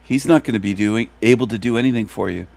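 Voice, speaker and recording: A man's voice: fairly low pitch, quick pace, creaky, a little mellow. A man hosting his own channel, delivering a taunting, contemptuous monologue full of repeated jabs. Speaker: channel host. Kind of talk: ranting monologue.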